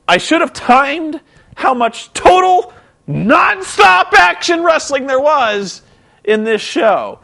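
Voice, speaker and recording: Animated, rambling young man. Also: very high-pitched. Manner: rambling, incredulous, sarcastic. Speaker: vlogger. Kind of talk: rambling comedic recap.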